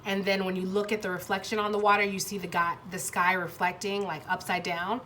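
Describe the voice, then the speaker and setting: A woman giving a pick-a-card tarot reading to viewers, thinking aloud in a halting way, restarting sentences as she searches for words and swearing freely. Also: medium pitch, little pitch movement, fairly bright tone, a little hiss or hum. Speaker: tarot reader.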